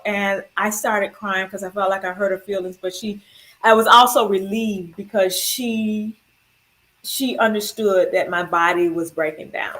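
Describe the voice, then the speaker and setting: A woman in her forties, a school administrator, telling her own story in a heartfelt, animated way. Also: mid-range voice, normal speed. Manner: animated, heartfelt, acts out quotes. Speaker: breast cancer survivor, school administrator. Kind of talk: emotional personal storytelling.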